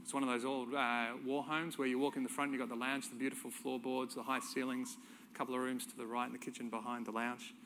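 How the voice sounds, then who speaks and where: A man's voice: mid-range voice, little pitch movement, quick pace, fairly bright tone, a little hiss or hum. A middle-aged man, preaching a sermon by telling a personal story in a conversational way, chuckling now and then.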